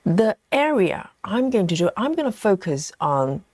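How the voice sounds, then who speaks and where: A woman's voice: unhurried, no echo. Chatty woman hosting a stitch-along stream. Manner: chatty, greets viewers by name, warm laughs; lively pitch jumps when greeting. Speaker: host of live cross-stitch stream. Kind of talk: casual live-stream chat.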